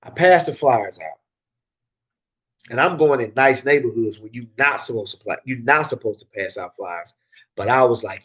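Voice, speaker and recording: A man's voice: mid-range voice, lively intonation, normal speed, a bit bright. A man with a Southern accent who runs a car detailing business, giving casual advice and stressing points by repeating them, with frequent restarts. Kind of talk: casual advice talk to camera.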